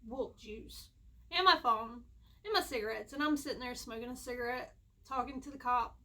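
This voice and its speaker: A woman's voice: on the high side, moderate pace, sharp tone. A young woman, telling a rambling, self-mocking storytime at home. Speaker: vlogger. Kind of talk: casual storytime.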